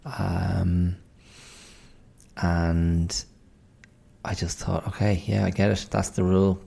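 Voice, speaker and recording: Gravelly low-voiced Irish man. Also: mellow. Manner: wry, storytelling, exasperated asides. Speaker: podcast host. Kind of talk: casual solo monologue. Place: indoors at home, late night.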